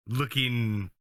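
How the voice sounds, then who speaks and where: A man at a game table describes his character's actions. He speaks slowly, with a bright and forceful tone, and stops to search for his words. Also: mid-range voice. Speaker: player.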